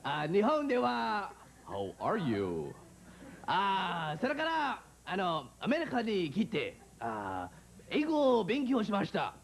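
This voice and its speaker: A man's voice: high-pitched, wildly swooping pitch, gravelly, exaggerated voice. A man playing a manic young Japanese stand-up comic, rattling off jumbled patter in a late-night comedy bit. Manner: rapid, erratic, jumbled patter.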